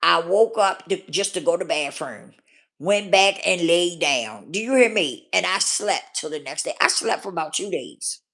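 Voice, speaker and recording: A woman's voice: fairly low pitch, lively intonation, moderate pace, fairly bright tone. A woman vlogger telling a personal story straight to her viewers, blunt and profane, checking in with "okay?" and "do you hear me?". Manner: emphatic, talks straight to viewers with frequent 'okay?' and 'do you hear me?'. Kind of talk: candid storytelling monologue.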